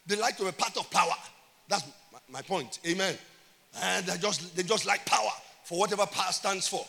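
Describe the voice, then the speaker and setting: A man's voice: high voice, brisk, creaky, pushed and bright, husky. A man preaching a sermon as pastor, emphatic and calling out to his congregation. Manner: emphatic preaching with call-and-response. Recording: reverberant church hall.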